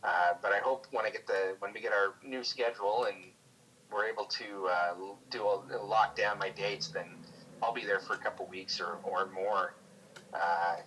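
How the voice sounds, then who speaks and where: Man, guest comedian, casual chat, low pitch, bright tone, candid, profane, halting. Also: steady tone, slight background noise, poor audio. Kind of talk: casual chat over a call.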